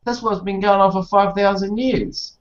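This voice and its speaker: A man in casual banter on a video call, loud and joking, swearing a lot. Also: high voice, fairly even intonation, normal speed. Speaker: hangout participant. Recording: dull lo-fi video call audio.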